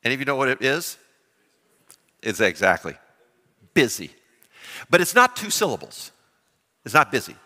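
A man preaching a sermon, lively and animated, often putting questions to his congregation. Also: medium pitch, fairly quick, long pauses, big-room sound. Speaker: pastor.

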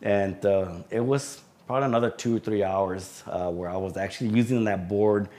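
A man being interviewed as a sheriff's deputy guest, telling a personal story in a halting way with many fillers. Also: on the low side, mellow. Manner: halting recounting with frequent fillers.

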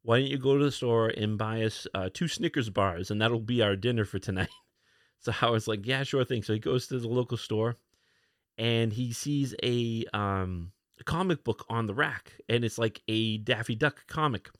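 A man hosting a podcast alone, casually retelling comic book issues, with many fillers and quick put-on lines for the characters. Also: mid-range voice, fairly bright tone, dry recording, studio quality. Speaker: podcast host.

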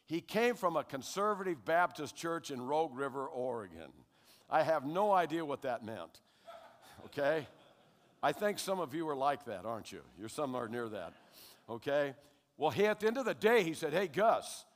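An older American man giving a lively spoken testimony to a congregation, checking in with his listeners as he tells his story. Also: a little high, moderate pace. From United States. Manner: animated storyteller who keeps checking in with the audience. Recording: long hall reverb.

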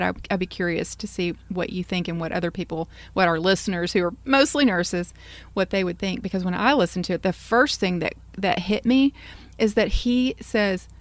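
A woman co-hosting a casual podcast, telling stories in an animated, exasperated way. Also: on the low side, no room sound. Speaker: podcast co-host. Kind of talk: casual chat.

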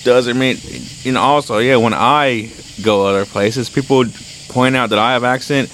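A man with a Central Louisiana accent, chatting in a relaxed, plain-spoken way and asking questions. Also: medium pitch, normal speed, slight background noise, rough recording. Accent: Central Louisiana Southern. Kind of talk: casual chat.

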